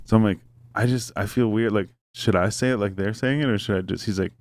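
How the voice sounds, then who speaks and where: A man's voice: lowish voice, fast talker, darkish tone, no echo. A man telling a long story in casual podcast chat, rambling and swearing, with many fillers.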